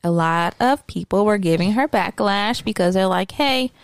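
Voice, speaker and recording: A woman with a smooth, resonant, mid-pitched voice chats casually as a podcast co-host. She tells stories with lively asides and mimics the people she talks about. The recording is close and dry. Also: normal speed, dry recording. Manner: animated storytelling, mock-sings and acts out quotes. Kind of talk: casual chat.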